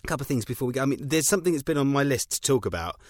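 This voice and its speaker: British male co-host, eager explainer, lively pitch, dry sound. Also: rapid-fire, dry recording. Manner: enthusiastic, explaining. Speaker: podcast co-host. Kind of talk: casual chat.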